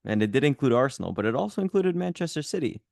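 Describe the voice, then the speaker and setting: A man's voice: medium pitch, big pitch swings, fast talker, gravelly, a little mellow, no echo, studio quality. A man co-hosting a football podcast, chatting casually and teasing his co-host. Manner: teasing, joking.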